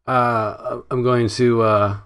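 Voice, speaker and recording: A man's voice: mid-range voice, little pitch movement, slow, a bit bright, smooth. A man co-hosting a casual podcast chat who is self-deprecating and acts out his own past reactions. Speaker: podcast co-host.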